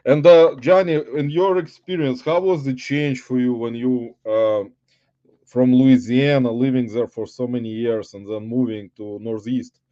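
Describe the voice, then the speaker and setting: A man's voice: medium pitch, a little slow, no echo. Laid-back livestream host man. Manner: relaxed, addresses viewers as guys. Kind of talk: casual livestream interview. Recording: dull dry audio.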